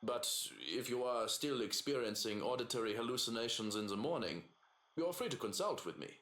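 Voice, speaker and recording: Eine Frau spielt einen steifen Butler mit deutschem Akzent. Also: female voice, rumbling low, expressive, fairly bright tone, reverberant, pitched below the performer's own voice. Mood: formal calm. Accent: German. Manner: polite, formal, measured. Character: stoic formal older male head butler.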